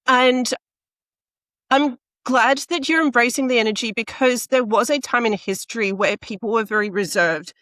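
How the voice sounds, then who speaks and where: A woman's voice: on the high side, moderate pace, fairly bright tone, no room sound. Woman podcast host at the mic. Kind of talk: podcast interview. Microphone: close podcast microphone.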